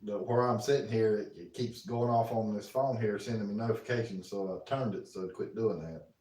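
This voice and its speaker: A man's voice: fairly low pitch, a little fast, mellow. Guy chatting on a live stream from his kitchen, easygoing, echoey and a bit far off. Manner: folksy, reads viewer comments aloud, talks to his dog. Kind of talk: casual live-stream chat. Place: home kitchen. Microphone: phone. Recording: roomy, from a distance.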